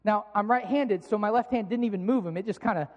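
A middle-aged man with a very high voice preaches in a long-reverb hall. He speaks earnestly and conversationally, sprinkling in casual fillers as he tells a personal story in his sermon. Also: fast talker, dull audio.

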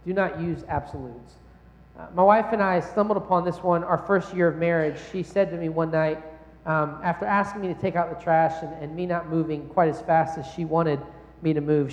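A young adult man preaching a sermon in a lively, conversational way, with rhetorical questions to the crowd. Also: fairly high pitch, dull audio. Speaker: pastor. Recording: echoey hall.

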